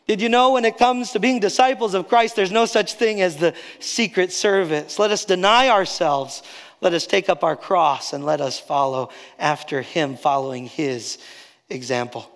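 A male pastor preaching a sermon, rising on key phrases and dropping soft and slow to drive points home. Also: sits high, in a large hall.

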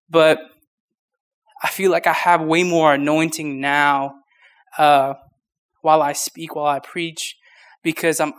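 A man's voice: on the high side, fairly bright tone, clean tone. A young man in his twenties preaching a casual youth sermon, short of breath, with many restarts and fillers. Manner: informal, rambling, many restarts. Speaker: youth pastor.

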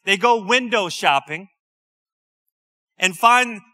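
A man's voice: high voice, lively intonation, slow pace, pushed and bright. A man preaching a conversational sermon, reading scripture and breaking off for light asides. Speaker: pastor.

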